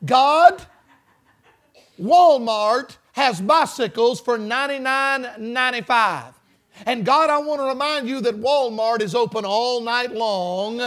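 A man voicing a five-year-old boy who shouts a pleading prayer, told as a story in a sermon. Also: very high voice, takes it slowly, heavily acted.

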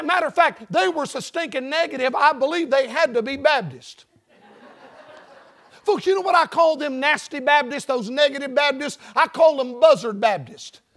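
A male preacher delivering a folksy sermon to a congregation, mixing jokes and stories with rising, shouted emphasis. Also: very high voice. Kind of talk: sermon with storytelling. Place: church building before a congregation.

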